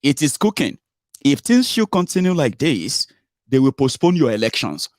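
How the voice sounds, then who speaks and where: A man's voice: mid-range voice, big pitch swings, moderate pace, darkish tone, no echo, clean studio sound. A Nigerian man with a Nigerian accent, mixing in Pidgin and Yoruba, giving an emphatic, mocking political monologue full of rhetorical questions. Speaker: political commentator.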